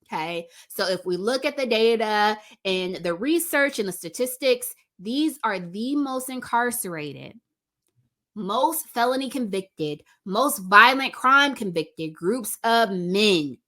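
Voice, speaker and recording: A woman's voice: mid-range voice, lively intonation, slow pace, bright, forceful tone. A woman hosting a commentary channel, talking straight to her viewers and repeating her points for stress. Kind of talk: direct-to-camera commentary.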